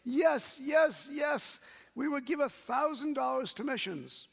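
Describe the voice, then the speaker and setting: A man voicing a group of eager children who shout their answers together. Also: very high voice, takes it slowly, vocal fry, long reverb tail, voice pushed up, full character voice. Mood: cheering. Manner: shouting in unison, excited. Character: crowd of eager young children cheering.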